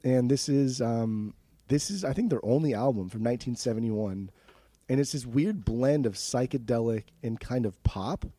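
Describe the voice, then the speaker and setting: A man's voice: mid-range voice, normal speed, dark tone, no room sound. A young man co-hosting a podcast in a casual chat, laid-back and swearing, with frequent restarts. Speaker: podcast co-host.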